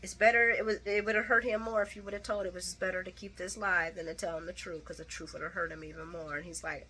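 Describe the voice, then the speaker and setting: A woman casually retelling a soap opera episode for her channel, chatty and animated, with frank asides about the characters. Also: lowish voice, fast, hardly any pauses, a little hiss or hum. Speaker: soap opera recap vlogger.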